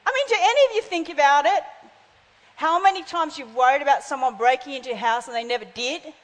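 A woman's voice: high voice, fast. A woman in her fifties preaching a sermon, telling stories and acting out the voices in them. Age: 50s. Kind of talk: sermon with storytelling. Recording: long hall reverb.

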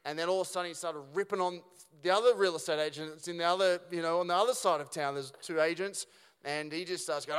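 Chatty pastor in a reverberant church hall. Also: male voice, on the high side, fairly even intonation, fast talker, smooth. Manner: casual, conversational preaching with rhetorical questions and restarts. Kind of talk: sermon. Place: church auditorium.

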